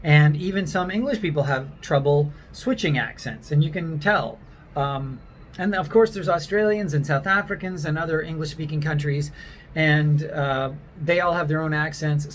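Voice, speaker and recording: A man talks through a lesson for actors in a fairly high voice. He rambles a little and fills gaps with ums as he restarts his sentences. A faint hiss sits under his voice. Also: normal speed, rough recording. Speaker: accent coach for actors. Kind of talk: casual spoken video lesson.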